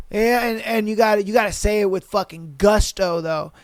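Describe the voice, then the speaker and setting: Hoarse, swaggering man with a high voice. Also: flat delivery, normal speed, dry recording. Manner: crude, swaggering, repeats himself. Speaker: podcast host. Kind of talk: casual chat reading listener stories.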